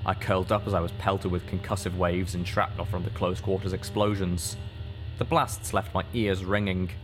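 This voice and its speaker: A man narrating an audiobook in a measured, steady reading voice. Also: low voice. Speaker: audiobook reader.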